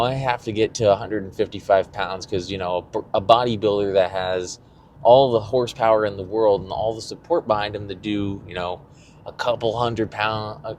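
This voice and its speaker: A young man with a somewhat low voice, venting in a loose, profane diary vlog. He rambles, trips over his own sentences and restarts them, and a faint hiss of noise sits under his voice. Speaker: fitness vlogger. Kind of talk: casual diary-style vlog.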